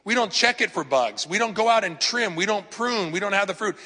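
Bright-voiced preacher man in a reverberant hall. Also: high-pitched, lively intonation, fairly quick. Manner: chatty, emphatic preaching with personal stories and rhetorical questions. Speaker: pastor. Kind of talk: conversational sermon.

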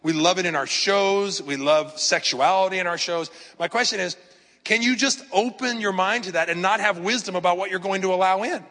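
Bright-voiced preacher man in a reverberant hall. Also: high voice, a little fast. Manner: chatty, emphatic preaching with personal stories and rhetorical questions. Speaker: pastor. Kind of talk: conversational sermon.

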